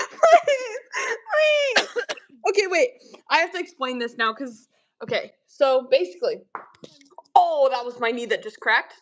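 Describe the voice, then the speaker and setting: A woman's voice: high-pitched, expressive, normal speed. A young woman hosting a casual livestream, chatting dramatically with friends and breaking into laughter and shrieks. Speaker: livestream host.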